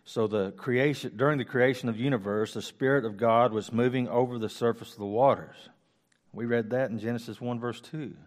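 A Bible study teacher, a man with a mid-range voice and fairly even intonation, reads scripture and then slowly revisits it. Restarts and casual asides pepper his talk, captured on a close microphone.

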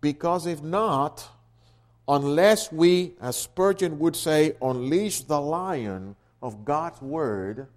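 A pastor delivers a sermon in a slightly high, slow and deliberate voice. He explains points like a teacher, then leans hard into emphatic stresses. His delivery is measured and insistent. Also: animated. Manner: emphatic, building to loud stresses.

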